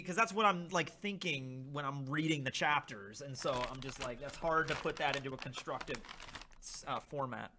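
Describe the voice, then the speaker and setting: A young man hosting a casual charity livestream, reading chat aloud and trying snacks with a rambling, animated manner. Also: on the high side, normal speed, noisy background. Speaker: livestream host.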